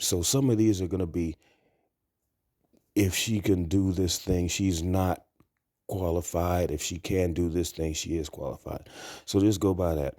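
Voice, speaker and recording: Slow, deep-voiced man ranting bluntly. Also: darkish tone, no room sound, studio quality. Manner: blunt, crude, rambling. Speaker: vlogger. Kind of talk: casual monologue.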